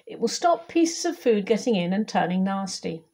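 A woman voicing a kindly female dentist who speaks in a calm, gentle, instructive way. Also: mid-range voice, normal speed. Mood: reassuring.

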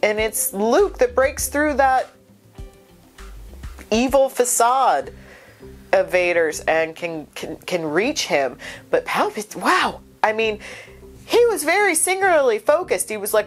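A woman hosting a reaction video in casual chat, excitable and gushing, sounding stuffed up from crying. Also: slow, faint music behind. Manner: excitable, gushing, with big pitch jumps.

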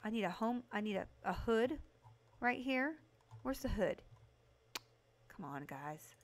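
A woman livestreaming a house renovation game, chatting casually with her viewers and breaking into excited bursts. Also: a little high, unhurried. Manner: chatty, talks to chat by name, excited bursts. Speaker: livestream host playing a video game. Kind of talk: casual live game commentary.

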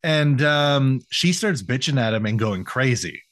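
A man's voice: medium pitch, a little slow, hardly any pauses, a bit bright. A young man co-hosting a podcast, retelling an episode in a loose, profane, laughing way. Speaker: podcast co-host. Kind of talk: casual recap chat.

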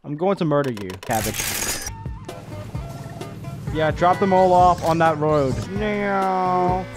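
A man narrating his own gameplay in a let's-play video, reacting with excitable exclamations and laughs. His voice sits a little on the higher side. Music plays clearly underneath him. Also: slow. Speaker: gaming YouTuber.

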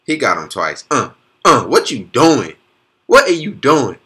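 Hyped young man with a lively voice. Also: medium pitch, measured pace, breathy edge. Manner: excitable, slangy, talks back at the clips. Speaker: reaction video host. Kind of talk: hyped casual commentary.

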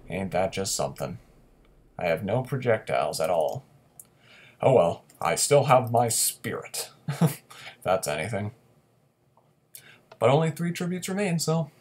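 A young man talks through his match in a relaxed, unhurried way, teasing his opponents. His pitch swings widely, and he jumps to loud, excited shouts when a fight heats up. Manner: playfully taunting opponents, bursts of loud excitement. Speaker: gaming commentator. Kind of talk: casual gameplay commentary.

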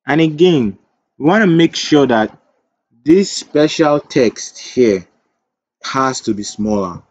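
A man's voice: medium pitch, animated, takes it slowly, dry recording, lo-fi sound. A man teaching web development in a screen-recorded coding tutorial. He thinks aloud as he types, corrects himself, and drifts into chatty asides.

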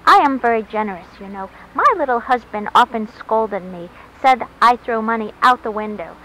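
A woman's voice: a little high, expressive, normal speed, sharp tone. A woman voicing a gushing, self-pitying old widow. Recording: dull lo-fi recording, faint hiss.

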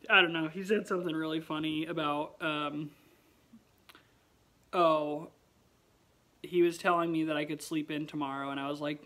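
A tired young man vlogs from home late at night, his voice a little high and at normal speed, with frequent pauses. He chats expressively in a casual way, sighing often and yawning.

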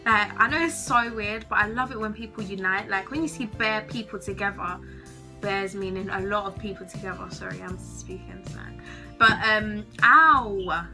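A woman's voice: mid-range voice, moderate pace, sharp tone, faint music behind. A young woman chatting to camera from her bedroom, gushing and giggly with casual slang, a little nervous. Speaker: vlogger.

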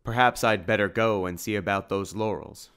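A big, growling shopkeeper speaks in stiff, old-world phrases, as a man reading an audiobook puts him on. The voice sits low, with a rough, bear-like gruffness. He is raised and loud. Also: moderate pace. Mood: gruff. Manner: formal, old-fashioned phrasing.

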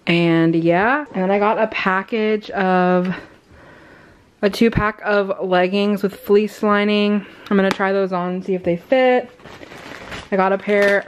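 A woman's voice: medium pitch, a little hiss or hum. A young woman chatting casually to the camera as a vlogger, loose and rambling with many fillers. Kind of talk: casual vlog haul chat.

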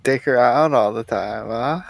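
A man's voice: medium pitch, a little slow, gravelly, no room sound. A man in casual gaming chat, teasing and mock-serious, laughing through his words.

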